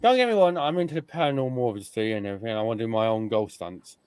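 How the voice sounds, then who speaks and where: A man's voice: mid-range voice, rapid-fire, darkish tone, clean tone, no room sound. A man hosting a casual podcast chat, telling stories and mimicking the people he describes. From United Kingdom. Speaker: podcast host.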